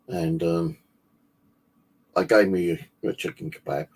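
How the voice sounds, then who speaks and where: A man's voice: low voice, fairly even intonation, a little slow, darkish tone. A man casually rambling on a livestream, swearing freely and chatting loosely as the channel host.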